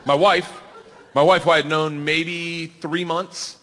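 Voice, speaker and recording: Stand-up comic, man in his thirties, highish voice, rowdy storyteller; live stage recording with hall reverb. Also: slow pace. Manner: loud animated storytelling, yelling bits, laughing through lines. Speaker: stand-up comedian. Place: comedy club stage before a laughing audience.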